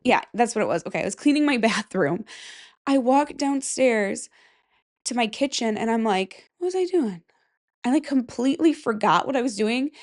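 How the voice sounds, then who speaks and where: A woman's voice: a little high, darkish tone. Nasal, stuffy young woman podcaster. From Michigan, USA. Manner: rambling, giggly, self-mocking. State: stuffy from a cold. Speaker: podcast host. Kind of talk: casual solo podcast chat. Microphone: desk microphone.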